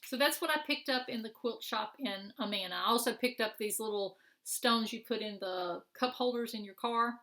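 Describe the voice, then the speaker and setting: Her voice on the high side and a bit bright, a middle-aged craft vlogger talks at a moderate pace with hardly any pauses. She casually shows off her purchases, rambling amiably with plenty of fillers and restarts.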